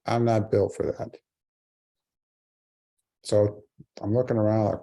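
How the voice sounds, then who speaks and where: A man's voice: on the low side, flat delivery, slow, creaky, dark tone. A man in his forties giving a speech, telling a personal story with earnest humor. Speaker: keynote speaker.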